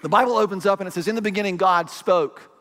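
A man's voice: sits high, fast talker, fairly bright tone, long reverb tail. A man, a pastor, preaching a sermon in a conversational storytelling way, acting out the dialogue.

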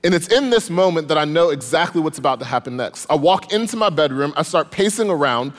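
A young adult man telling a comic story on stage, animated and lively in delivery. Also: fairly high pitch, fast talker. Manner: animated, comic, rising in excitement. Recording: long hall reverb.

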